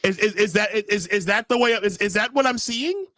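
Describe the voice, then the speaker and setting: A man with a fairly high voice hosts a casual podcast, reading quotes and breaking in with sarcastic, profane remarks. He stumbles and restarts his sentences often. The sound is dry and close, with no room echo. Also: moderate pace, pushed and bright. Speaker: podcast host. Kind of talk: casual podcast chat, reading documents aloud.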